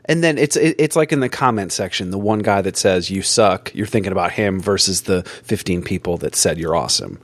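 Male podcast host, casual and wandering questions, lower voice, close dry sound. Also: fairly quick, hardly any pauses, dry recording. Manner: rambling, stacks several questions at once. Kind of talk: casual interview chat.

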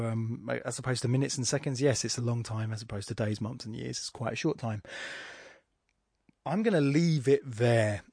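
A man's voice: medium pitch, no room sound, clean studio sound. Rambling self-deprecating male podcast host. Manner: rambling, self-deprecating, many restarts and asides. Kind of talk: casual solo podcast talk on poetry and philosophy.

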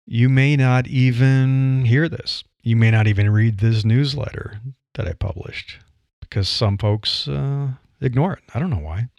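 Speaking at a measured pace, this older Midwestern host from Nebraska runs his podcast alone with a blunt, wry, plain-spoken manner. His mid-range voice has a darkish tone. The recording is dry and a little dull.

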